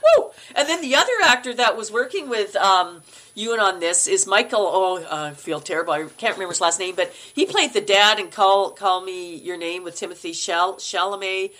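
A middle-aged woman from Canada, a guest telling stories in a casual interview, animated and quick to laugh, acting out the lines she quotes. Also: mid-range voice. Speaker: podcast guest, actor.

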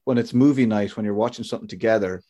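A man's voice: on the low side, fast talker, mellow. A man hosting a podcast, rambling and joking in casual chat and swearing freely. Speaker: podcast host.

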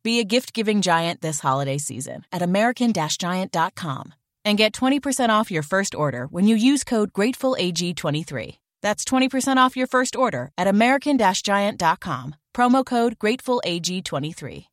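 A woman's voice: mid-range voice, sing-song, moderate pace, dry recording. Woman reading an ad, dry sound. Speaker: ad reader. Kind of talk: scripted ad read.

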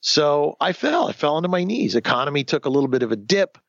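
A man in his fifties telling his own story in a candid interview, animated, acting out the voices of the people he quotes, often restarting sentences. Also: on the high side, quick pace, vocal fry, no echo, lo-fi sound. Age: 50s.

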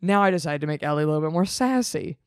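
Woman with a low-ish, very lively voice. She reads dramatically and mocks the text in asides. Dry close mic. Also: quick pace, clean tone, dry recording. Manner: sarcastic, mocking asides; swings between dramatic reading and flat deadpan. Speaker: host reading a story aloud. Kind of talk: dramatic reading with comedic commentary.

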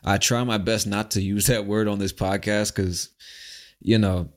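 A man from the United States hosts a solo podcast in a relaxed, conversational way. His voice sits very low, and he talks loosely, with frequent swearing. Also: unhurried. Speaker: podcast host. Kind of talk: casual podcast monologue.

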